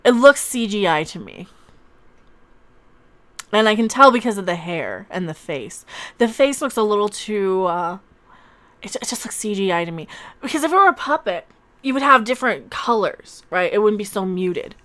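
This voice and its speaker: A woman hosting a casual livestream, commenting in a sarcastic, mocking way, laughing often and swinging between loud outbursts and mutters. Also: mid-range voice, sing-song, moderate pace. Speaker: YouTube channel host.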